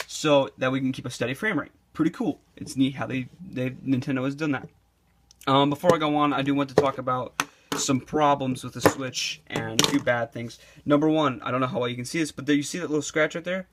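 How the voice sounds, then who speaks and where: A man's voice: mid-range voice, a bit bright. A young man giving a rambling, casual review with frequent swearing, saying he is losing his voice. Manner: rambling and casual, swears often, many fillers. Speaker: video reviewer.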